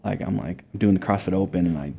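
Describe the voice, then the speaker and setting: A man's voice: deep voice, fast talker, creaky, warm tone, a little hiss or hum. A young man from Montana, a guest in a casual interview, telling his story in a laid-back way, with lots of swearing and filler words. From Montana, USA.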